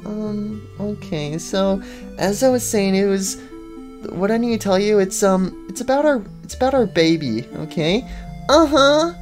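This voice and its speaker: Casting: soft, hesitant pregnant young woman, voiced by a woman, stammers a lot, lively pitch. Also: unhurried, soft background music, lightly acted. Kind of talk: machinima voice acting.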